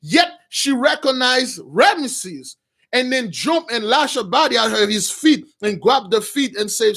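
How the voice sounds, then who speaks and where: A high-voiced man preaches, alternating between reading an old text and retelling it in loose, informal asides. He addresses his listeners as brothers, often restarts his sentences, and drops lower when he makes his point. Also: sing-song, unhurried, a bit bright, slightly rough. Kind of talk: sermon reading a text with commentary.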